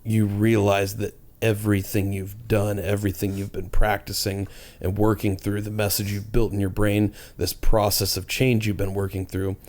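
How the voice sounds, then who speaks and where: Earnest and casually explanatory, a man co-hosting a podcast lays out his thinking at normal speed with few pauses. His voice is low, a little mellow, and stays level in pitch and tone.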